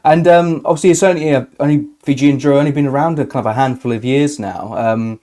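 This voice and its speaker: A man's voice: medium pitch, fast, mellow. A man hosting a rugby podcast, chatting conversationally with some hesitant fillers. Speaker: podcast host, assistant editor. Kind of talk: casual interview chat.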